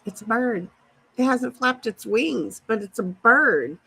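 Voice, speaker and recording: Brief: woman livestream host, high and husky, rambling backyard chat with viewers into a phone. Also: expressive, slow, sharp tone, poor audio. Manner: rambling, answers live chat comments. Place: outdoors in a backyard.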